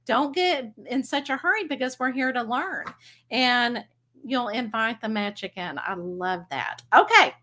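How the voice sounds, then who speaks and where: Woman, Texas accent, slightly high voice, bubbly, chatty livestream host. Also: sharp tone. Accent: Texan. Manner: bubbly, chatty, laughs easily. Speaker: psychic medium livestream host. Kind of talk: casual livestream chat.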